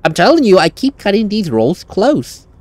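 A man's voice: sits high, big pitch swings, normal speed, darkish tone, dry recording. Chatty, self-correcting male gaming host. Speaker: let's play host. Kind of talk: casual gaming commentary.

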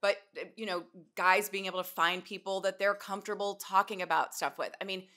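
A woman in her forties hosts a casual podcast chat, her voice bright and clear at an ordinary middle pitch. She tells stories with animated energy and drops the odd swear word. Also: brisk. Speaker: podcast host.

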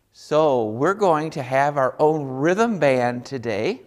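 A man's voice: on the high side, expressive, slow pace, few pauses, big-room sound. A man teaching a music lesson to young children, patient and encouraging, guiding them through listening and clapping rhythms.

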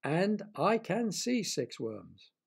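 A man's voice: high-pitched, big pitch swings, takes it slowly, creaky, breathy edge, pitched above the performer's own voice, full character voice. A man voicing a sceptical, blunt young boy in a children's story.

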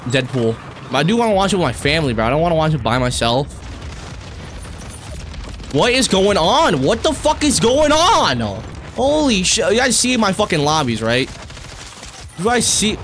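A young man streaming a shooter game, commenting live with profane, excitable and frustrated outbursts. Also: medium pitch, a little hiss or hum. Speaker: gaming streamer.

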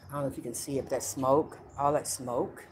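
A woman's voice: extremely low pitch, fairly even intonation, a little fast, slight background noise. A woman working as a spiritual medium, channeling in a casual livestream from outdoors in her yard, rambling along with frequent sighs and small laughs.

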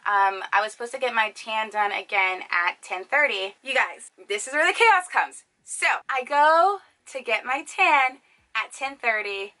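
A young woman chats straight to her viewers, spinning a story with a bright, forceful tone that sits a little high. She keeps it animated and loose, full of fillers and asides. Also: measured pace, poor audio. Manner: animated, chatty, lots of fillers. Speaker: vlogger. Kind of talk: casual storytelling to camera.

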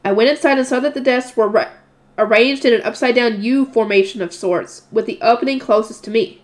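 Woman reading a novel aloud, slightly high. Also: fairly quick. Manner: breaks off for chatty comments and laughs at herself. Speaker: reader of a light novel.

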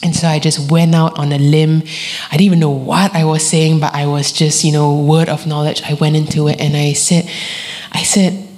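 A woman, preaching a sermon and telling a story with lively quoted voices. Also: sits low, normal speed. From Singapore. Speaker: guest preacher.

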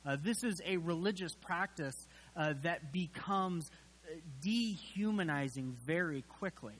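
A male pastor giving a sermon in a relaxed, conversational way, with many fillers and wry, casual asides. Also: a little high, unhurried, low-quality recording.

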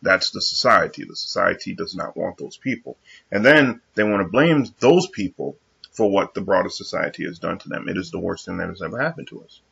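Brief: low raspy man, breathy grit, measured earnest vlogger, dull lo-fi sound. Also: animated, fairly bright tone. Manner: measured and earnest, with frequent pauses and fillers. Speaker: vlogger addressing his viewers. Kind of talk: casual reflective monologue.

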